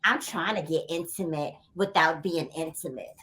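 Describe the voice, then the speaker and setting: A woman's voice: low voice, normal speed. A woman guest on a podcast, chatting casually and animatedly, acting out what other people said. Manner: animated, acts out quoted lines. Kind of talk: casual chat reviewing a reality show.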